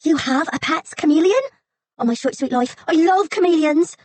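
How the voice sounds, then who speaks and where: Woman voicing a tiny, overjoyed teen assistant, excitable and sing-song; dry, close read. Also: fairly high pitch, fast talker, slightly rough, dry recording, voice pushed up. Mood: excited. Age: teens. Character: bubbly tiny young woman servant, overjoyed.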